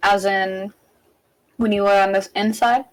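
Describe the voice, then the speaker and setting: A woman runs a tabletop game as game master, describing scenes in a loose, rambling way. Her pitch sits in a mid range, and she often restarts her sentences as she goes. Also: level tone, measured pace, rough recording. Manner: casual, rambling, with frequent restarts.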